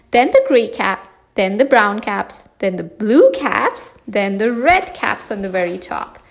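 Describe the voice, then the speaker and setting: Slow, high-voiced woman reading a storybook. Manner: slow, deliberate and expressive. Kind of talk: children's storybook read-aloud.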